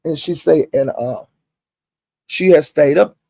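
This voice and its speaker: This male vlogger dishes gossip in a chatty way, addressing listeners as honey and child. His voice is a little high and slow with frequent pauses, recorded without echo, and he animatedly mimics what others said.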